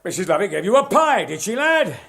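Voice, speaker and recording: A man playing a brooding, vengeful barber in a radio musical drama, quiet and falsely friendly. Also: sits high, sing-song, fairly quick, creaky, heavily acted. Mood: sly.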